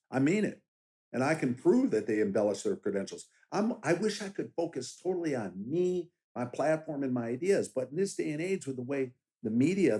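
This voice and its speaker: A middle-aged man speaks with blunt, emphatic conviction at an average pitch, leaning into his points. He tells stories and stresses his words to drive them home. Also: warm tone. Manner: emphatic, direct, tells anecdotes with quoted voices. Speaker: political candidate, former law enforcement officer. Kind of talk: casual interview conversation.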